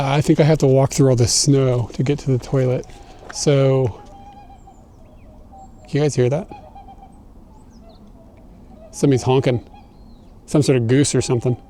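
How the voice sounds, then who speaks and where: A man's voice: medium pitch, mellow, slight background noise. Breathless man ranting on a walking stream. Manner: profane, laughing, ranting. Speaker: livestreamer. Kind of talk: casual IRL livestream chat. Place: outdoors walking in a snowy park. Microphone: phone carried while walking. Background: faint outdoor ambience.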